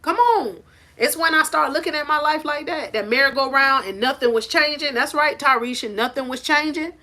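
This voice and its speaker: Emphatic, bright-voiced woman coach. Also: high-pitched, moderate pace. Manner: preachy, emphatic, repeats "I said it". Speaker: life coach. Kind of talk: motivational talk to camera. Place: on a porch outdoors. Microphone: phone held in hand.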